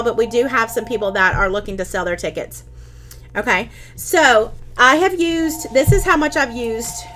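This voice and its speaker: A woman's voice: fairly high pitch, pushed and bright, slight background noise. Chatty woman hosting a craft live stream. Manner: chatty, with frequent ums and restarts. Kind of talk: casual live-stream craft tutorial, answering viewer comments.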